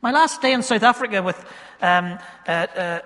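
A man, a pastor preaching a sermon in church, moving between loud emphasis and hushed, slowed asides. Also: high-pitched. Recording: long hall reverb.

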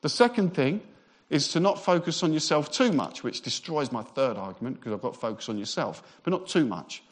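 Guy preaching, pretty high-ish voice, punches phrases then jokes around. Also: expressive, moderate pace. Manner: emphatic, repeats phrases for effect; conversational asides with light humour. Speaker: pastor. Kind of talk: sermon.

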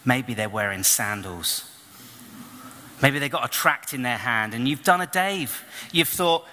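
A man preaching a storytelling sermon, animated and acting out the people in his story. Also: medium pitch, unhurried. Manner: animated storyteller, acts out voices and shouts. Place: church hall. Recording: long reverb of a church hall.

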